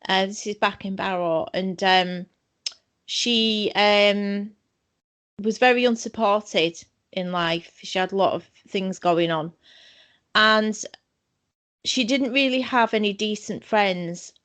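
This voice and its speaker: A woman's voice: medium pitch, takes it slowly, fairly bright tone. A woman, hosting a casual chat and recalling a memory in a thoughtful, hesitant way.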